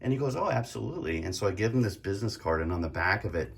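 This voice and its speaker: A man's voice: low-pitched, rapid-fire. A man vlogging casually about card collecting, telling a chatty, rambling story with fillers and laughs.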